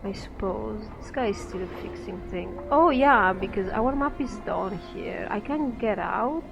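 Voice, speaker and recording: A woman giving let's-play commentary, musing aloud in a soft, thoughtful way. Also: mid-range voice, expressive, a little slow, vocal fry, dull audio, music in the background. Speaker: game streamer.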